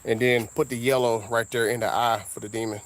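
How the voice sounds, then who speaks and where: Southern US man, mid-pitched, relaxed car-vlog chatter with bursts of excitement. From Southern United States. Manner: laid-back, drawn-out talk with sudden high exclamations. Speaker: car vlogger. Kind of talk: casual rambling monologue.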